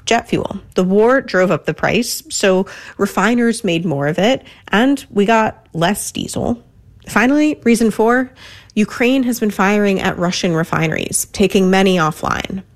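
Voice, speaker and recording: A woman radio correspondent reading a scripted news report, crisp and explanatory. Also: mid-range voice, expressive, a little slow.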